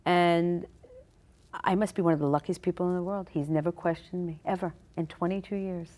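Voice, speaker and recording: A woman's voice: on the low side, steady tone, a little fast, a little mellow. A middle-aged woman, a talent manager chatting in an interview and telling stories about her career. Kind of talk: conversational interview.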